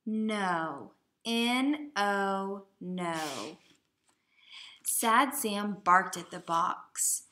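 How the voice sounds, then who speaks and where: A woman's voice: mid-range voice, lively intonation, extremely slow, bright, forceful tone. A woman teaching young children, reading a simple story aloud and sounding out words letter by letter. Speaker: kindergarten teacher. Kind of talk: slow read-aloud lesson for young children.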